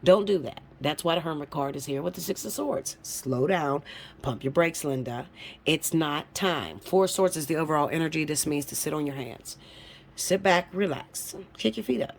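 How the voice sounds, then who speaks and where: A woman's voice: normal speed, vocal fry, a little hiss or hum. Blunt, profane woman reading tarot. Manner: blunt, profane and teasing, breaks into laughs; lively, swinging from low mutters to high shouts. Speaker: tarot reader. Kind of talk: casual tarot reading to camera.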